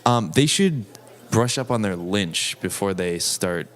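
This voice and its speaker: A man's voice: fairly low pitch, lively intonation, measured pace. A man co-hosting a podcast, chatting casually and laughing easily, with lots of fillers. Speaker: podcast co-host. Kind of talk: casual chat.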